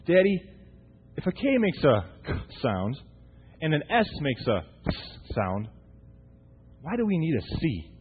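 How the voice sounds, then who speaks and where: A man's voice: on the high side, huge pitch swings, unhurried, a little hiss or hum. A man voicing a little girl who pesters her father with repetitive, whiny questions, heard through a tinny, echoey recording. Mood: pestering. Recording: tinny, echoey sanctuary sound.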